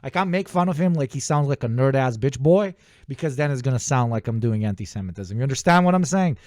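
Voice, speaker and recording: Balkan-raised streamer reacting live: rambling, profane, self-mocking, mid-pitched, dry close sound. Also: male voice, lively intonation, quick pace, a little mellow, dry recording. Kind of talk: casual livestream commentary.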